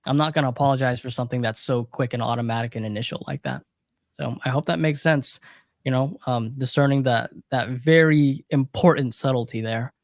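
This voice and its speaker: A young man serving as a recovery coach co-hosts a casual livestream Q&A, speaking earnestly and reflectively and repeating points for emphasis. His voice is mid-range, captured in a dry, studio-quality recording.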